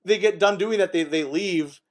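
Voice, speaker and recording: High-voiced man chatting about old films. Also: normal speed. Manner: laughs often, acts out movie lines and sound effects. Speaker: podcast co-host. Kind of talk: casual film chat.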